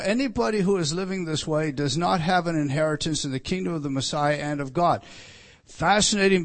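A man preaching an expository sermon, emphatic, often repeating himself and restarting sentences. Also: a little high. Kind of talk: expository sermon on a Bible passage.

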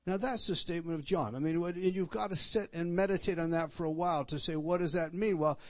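A man's voice: on the high side, fast talker, dry recording. A man preaching an expository sermon, emphatic, repeating words and turning to the listeners with questions. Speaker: pastor.

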